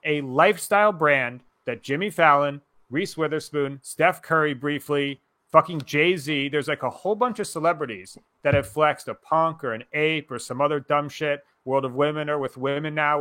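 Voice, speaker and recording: Brash co-host, a man who rants hard and swears freely, voice a touch high. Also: moderate pace, hardly any pauses. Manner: loud, profane, ranting. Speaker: podcast co-host. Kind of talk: casual chat.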